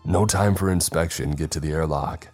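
Man voicing a firm ship captain, very low voice, barking orders. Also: normal speed, a little mellow, faint music behind. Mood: commanding. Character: stern male ship captain giving orders.

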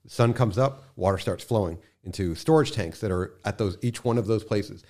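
A man speaking as a podcast guest in casual conversation, impassioned, swearing freely and swinging from quiet to loud bursts. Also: lowish voice, moderate pace.

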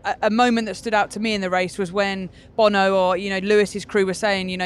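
A woman presenter chatting outdoors in a racing paddock, enthusiastic and animated as she tells a story. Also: medium pitch, fast talker, few pauses. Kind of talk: casual trackside chat.

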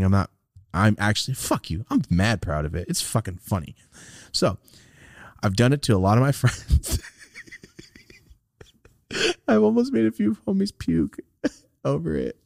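A man co-hosting a podcast, telling stories in a casual, profane, animated way, jumping into loud high-pitched outbursts when he quotes people. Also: no echo, studio quality. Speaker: podcast co-host.

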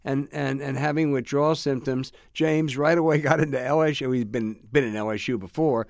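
Easygoing man with a smooth clear voice. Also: medium pitch, fairly even intonation, fairly quick, a little mellow, no echo, clean studio sound. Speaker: co-host, journalist. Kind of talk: casual chat.

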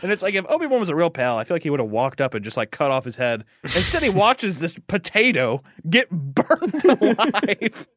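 Brief: young male podcast host, lively voice, rambly and giggly, close dry mic. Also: a little high, moderate pace, few pauses, no room sound. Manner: rambling, laughs often, acts out movie quotes. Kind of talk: casual chat.

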